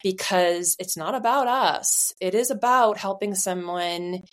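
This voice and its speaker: Woman co-host in her 40s, casual chat, meandering and reflective, middle pitch. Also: a little slow. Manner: rambling, reflective, many fillers. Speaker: podcast co-host. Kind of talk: casual conversation.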